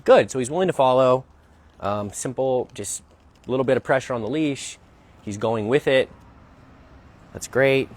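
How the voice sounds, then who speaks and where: A man's voice: mid-range voice, no echo. A man working as a dog trainer, explaining a training session outdoors as he goes and often checking in with "right?". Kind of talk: narrated training demonstration.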